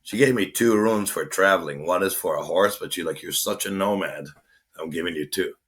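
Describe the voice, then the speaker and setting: A man, a guest telling stories casually, animated and swearing as he acts out what people said. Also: low-pitched, a little fast, slightly rough. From Israel. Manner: animated, swearing, acting out quotes. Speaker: guest, tattoo artist. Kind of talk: casual storytelling.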